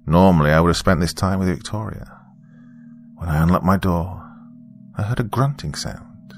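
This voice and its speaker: A man narrating a first-person story in a calm, measured, reflective way. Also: deep voice, faint music behind.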